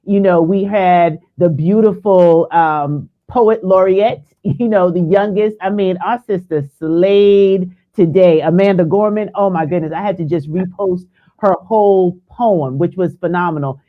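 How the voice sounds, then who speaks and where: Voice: mid-range voice, measured pace. A panelist on a casual political talk show who speaks with enthusiasm and emphasis. The voice comes through a tinny, phone-like line.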